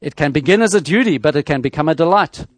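A man preaching a sermon in a measured teaching tone, with rhetorical questions and frequent restarts. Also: fairly high pitch, animated, dry recording.

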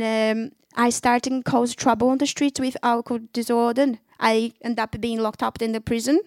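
A woman's voice: fairly high pitch, vocal fry, darkish tone, dry recording. A woman giving her Christian testimony to young people, fervent and exhorting, speaking English with non-native grammar. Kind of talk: testimony preaching to a young audience.

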